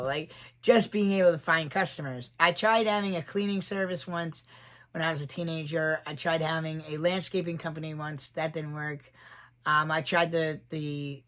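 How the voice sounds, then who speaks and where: A man's voice: on the high side, bright, forceful tone. A trans man in his forties hosting a casual livestream chat, rambling from thought to thought and laughing often at his own jokes. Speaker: livestream host.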